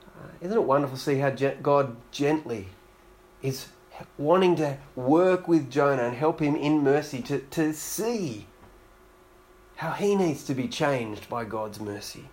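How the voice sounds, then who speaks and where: A man's voice: medium pitch, animated, measured pace, a little mellow. A man preaching a sermon, telling a story and acting out the voices in it with growing intensity.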